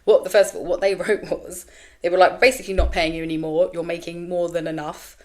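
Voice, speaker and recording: A middle-aged woman telling a candid story as a podcast host, animated and sweary, acting out quoted voices. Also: lowish voice, fast talker. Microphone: camera with mic, solo recording.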